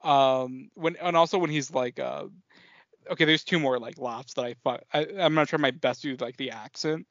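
Excitable man with a dull, dry podcast sound. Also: mid-range voice, moderate pace, no echo. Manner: excitable, swears often, trails off and restarts. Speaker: podcast co-host. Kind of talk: casual film podcast chat.

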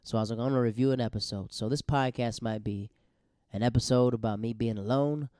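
A man hosting a solo podcast, talking in a rambling, self-correcting way with sudden bursts of excitement. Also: mid-range voice, fast, no room sound, clean studio sound. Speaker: podcast host.

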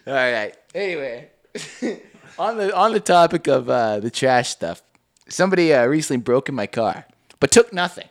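A man's voice: mid-range voice, animated, normal speed. A man co-hosting a podcast in casual chat, telling stories animatedly, laughing and swearing often. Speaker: podcast co-host.

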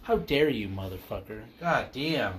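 A man's voice: medium pitch, lively intonation, normal speed, fairly bright tone, a little hiss or hum. A man co-hosting a casual podcast, ranting heatedly and swearing often. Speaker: podcast co-host.

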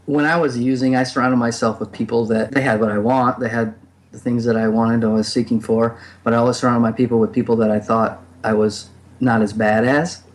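A man's voice: mid-range voice, flat delivery, fairly quick. A man speaking reflectively in a casual podcast conversation, with many fillers and restarts. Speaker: podcast guest.

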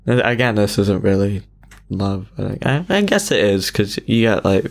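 A man's voice: fairly low pitch, very animated, moderate pace, vocal fry. A young man from England co-hosting a podcast, musing hesitantly with dry, self-deprecating humor. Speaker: podcast co-host. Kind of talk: casual podcast chat.

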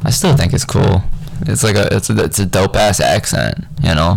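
A man's voice: sits low, normal speed, gravelly, no room sound, poor audio. A young man talking in a rambling, profane, unfiltered casual monologue.

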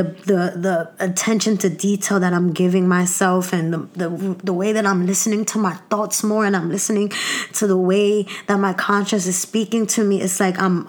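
A young woman with a New York accent hosting a personal podcast monologue, talking candidly and emotionally, close to tears, with many fillers and restarts. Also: mid-range voice. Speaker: podcast host.

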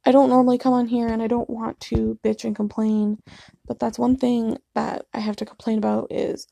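A woman in her twenties tells rambling, self-deprecating stories to camera in a casual vlog, using lots of fillers. Her voice is a little high, gravelly and warm, with flat delivery at a moderate pace and no echo.

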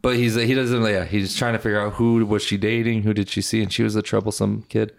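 A man's voice: fairly low pitch, little pitch movement, brisk, gravelly. A man hosting a casual, bantering podcast chat about a novel. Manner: playful, bantering. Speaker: podcast host. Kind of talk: casual book-review chat.

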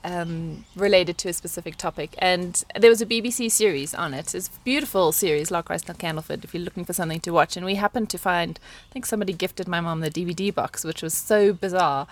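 A woman's voice: fairly low pitch, quick pace, hardly any pauses. A woman co-hosting a podcast in casual chat, rambling and laughing often. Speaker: podcast co-host.

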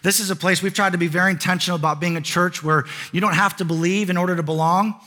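A man's voice: high-pitched, steady tone, fast, sharp tone. A man preaching a sermon as pastor, conversational in tone and building to emphatic repeated lines.

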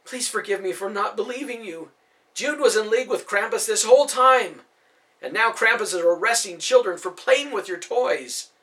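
A man's voice: sits high, moderate pace, a bit bright, pitched above the performer's own voice. A man voicing an eager, emotional young woman who speaks urgently and from the heart.

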